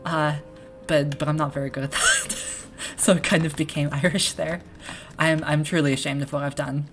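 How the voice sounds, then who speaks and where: A woman's voice: sits low, steady tone, normal speed, music in the background. A woman game developer giving casual let's-play commentary, chatty and self-deprecating.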